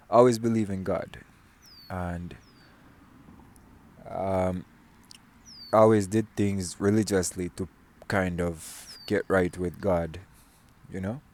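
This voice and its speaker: A man's voice: on the low side, mellow. A man from Syria telling a personal story to camera, rambling with fillers and restarts. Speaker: vlogger.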